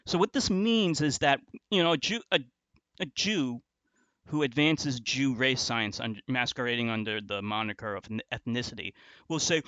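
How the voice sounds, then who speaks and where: Here a commentary video host speaks at a moderate pace in a mid-range, slightly bright voice. The recording is dry with the highs cut off. He reacts to an online argument with contempt and insults, frequently restarting what he's saying.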